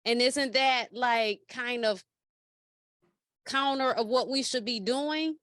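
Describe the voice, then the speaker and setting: Woman, host, slightly high voice, hesitant, dry close sound. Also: slow, fairly bright tone, dry recording. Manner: hesitant, searching for words. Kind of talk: casual interview conversation.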